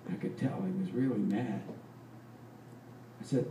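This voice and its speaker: A man's voice: on the low side, measured pace, vocal fry, background noise. A man in his eighties telling a rambling folksy story on stage, chuckling as he goes. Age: 80s. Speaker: folk performer and storyteller. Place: live performance venue. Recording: roomy live hall, distant mic, faint ambience.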